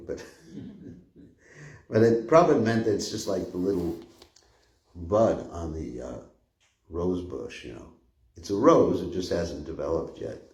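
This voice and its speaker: A man's voice: sits low, lively intonation, measured pace, long pauses, a little mellow. An older man giving an informal scripture class, rambling and conversational, often chuckling. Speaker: spiritual teacher giving a class. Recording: echoey room.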